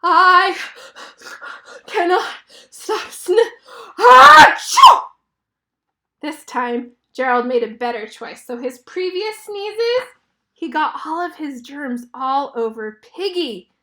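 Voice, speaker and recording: A woman's voice: sits high, animated, measured pace. A woman teacher reading a picture book aloud to children, explaining the pictures and asking them questions.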